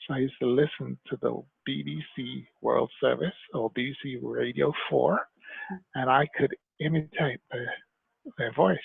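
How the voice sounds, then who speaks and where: A Jamaican-born man telling stories from his life as an interview guest, in an animated way. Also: medium pitch, moderate pace, creaky, husky, no echo. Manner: animated storyteller, slips into mimicked voices. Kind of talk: conversational interview storytelling. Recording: tinny phone-like line, dry.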